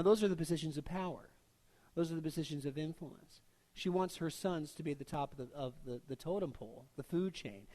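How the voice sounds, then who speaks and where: A man preaching a sermon in a conversational, joking way, reading scripture and slipping into quick voiced asides. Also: a little high, a little mellow. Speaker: pastor.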